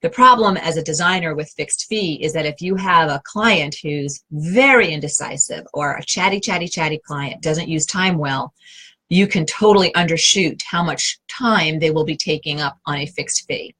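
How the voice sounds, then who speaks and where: A woman's voice: low-pitched, moderate pace, pushed and bright, husky, low-quality recording. Chatty New York woman advising. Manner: chatty, direct, many fillers and restarts. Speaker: interior design advisor and host. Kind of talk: answering viewer questions live.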